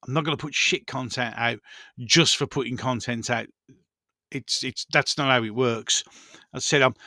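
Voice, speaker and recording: A man's voice: medium pitch, pushed and bright, dry recording, clean studio sound. A man in his fifties with a Brummie accent, hosting a frank, rambling casual chat with his viewers. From Birmingham, England. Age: 50s. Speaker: channel host. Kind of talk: casual live-stream chat.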